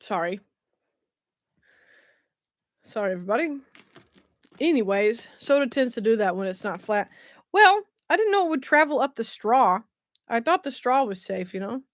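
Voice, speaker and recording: A woman's voice: a little high, lively intonation, normal speed, pauses often, dry recording, studio quality. Bubbly woman streamer. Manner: bubbly, laughs often, self-mocking. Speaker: livestream host. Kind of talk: casual live chat.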